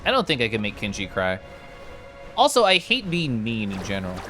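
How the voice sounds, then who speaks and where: A man streaming a video game, chatting casually and excitedly while reading chat aloud and giggling. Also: on the low side, fairly quick, soft background music.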